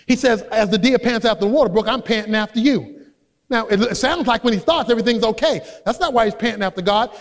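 A man preaching a sermon as a pastor, emphatic and rising to shouts on key points. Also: extremely high pitch, in a large hall. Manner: acts out quoted voices in his own voice.

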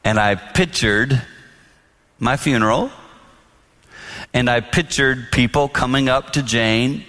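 A middle-aged man preaching a storytelling sermon on marriage, animated, acting out quotes and laughing along. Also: mid-range voice, slow pace, pauses often. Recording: long hall reverb.

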